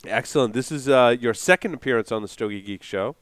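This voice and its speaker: A man hosting a casual show, introducing a guest and teasing his co-host in quick upbeat bits. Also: mid-range voice, no echo.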